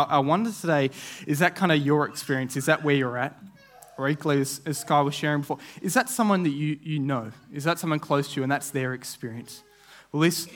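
A man's voice: on the high side, fairly bright tone. A young man preaching a sermon, telling a vivid story with frequent restarts and repeated words. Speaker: guest preacher.

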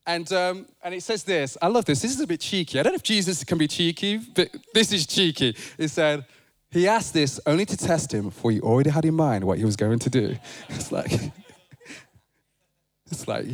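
A man delivers a sermon in a playful, conversational way, his fairly high voice leaping up and down with animation. He speaks to his church with a lively, joking energy. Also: a little fast. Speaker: preacher. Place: church sanctuary.

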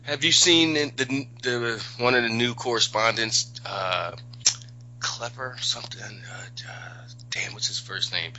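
A man co-hosting a casual chat who excitably jumps in with reactions to the episode. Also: mid-range voice, unhurried. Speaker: podcast co-host. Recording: dull lo-fi recording.

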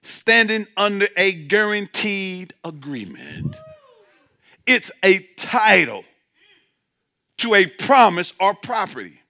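A man's voice: high-pitched, sing-song, slow pace, creaky, long pauses, sharp tone. A man preaching a sermon as pastor, emphatic, repeating words as he restarts and calling out to his listeners. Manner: calls out to the congregation.

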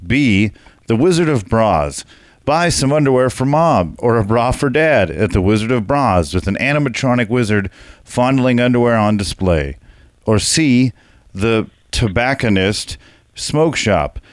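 A man's voice: on the low side, no room sound. A man hosting a comedy podcast in a loose, slangy way, reading out joke quiz questions with playful emphasis. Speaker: podcast host.

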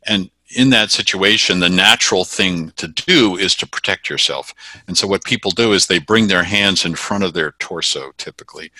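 A man with a very low voice and a sharp, forceful tone explains body-language tips. He talks in a measured way, with many fillers and restarts. The sound is dry and close. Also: no room sound. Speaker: communication expert guest.

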